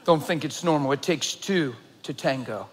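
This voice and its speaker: Man, pastor preaching, high voice, lively storytelling, long church reverb. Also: moderate pace. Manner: storytelling, swings between loud excited bursts and hushed earnest tones. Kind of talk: sermon. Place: large church hall.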